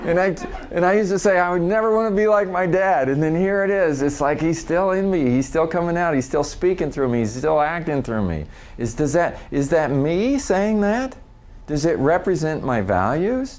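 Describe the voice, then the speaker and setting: A man's voice: fairly high pitch, a little mellow. A middle-aged man speaking live to an audience at a workshop. He talks in a conversational way, laughs often and restarts his sentences.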